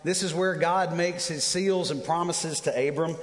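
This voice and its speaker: A man in his thirties preaching a sermon, telling personal stories in an animated way with self-deprecating humor. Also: on the high side, moderate pace. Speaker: pastor. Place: church auditorium. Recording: long hall reverb.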